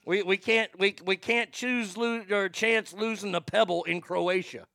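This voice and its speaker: A man's voice: sits high, steady tone, a little slow, creaky, pushed and bright, no room sound, clean studio sound. A male radio host giving blunt, vulgar, mocking comedic commentary.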